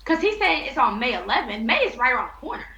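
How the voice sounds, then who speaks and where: A woman's voice: sits high, big pitch swings, fast talker, pushed and bright, echoey room, dull audio. A woman venting on a live stream in a heated, rambling way. She swears often and talks straight to her viewers. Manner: heated, rambling and profane, addressing viewers as y'all. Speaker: livestreamer.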